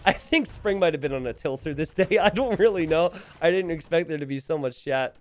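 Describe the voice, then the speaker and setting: A man commentating a recorded strategy game match, animated and chuckling, calling out to the players. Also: fairly high pitch, normal speed.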